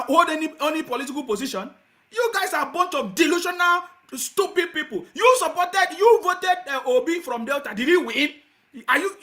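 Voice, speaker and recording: Angry high-voiced Nigerian radio host. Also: male voice. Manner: angry, insulting, shouting at callers. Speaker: radio call-in show host. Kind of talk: heated call-in radio talk.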